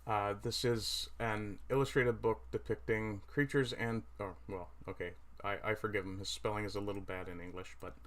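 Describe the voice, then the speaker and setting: A middle-aged Newfoundland man hosts a relaxed livestream in a lowish voice. He rambles along, stops to fix his own words and tosses off chatty asides as he clicks through pages. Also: normal speed, hardly any pauses. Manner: rambling, self-correcting, chatty asides while browsing. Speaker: livestream host. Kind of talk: casual livestream chat.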